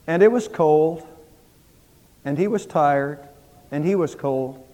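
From the pulpit, a high-voiced male pastor delivers an Easter sermon slowly and warmly, rising to fervent emphasis. The lo-fi recording rings with the long reverb of a church sanctuary.

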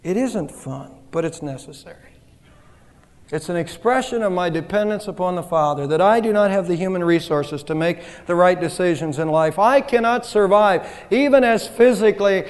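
A man's voice: sits high, a little mellow, long reverb tail. A man pastor giving a sermon in a conversational, self-deprecating way.

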